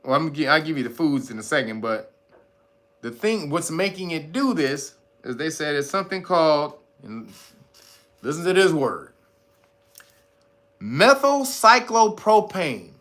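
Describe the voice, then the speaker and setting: A man hosting a casual livestream, talking straight to his viewers in a profane, animated way, laughing often and reading out chat guesses. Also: a little high, normal speed. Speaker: host.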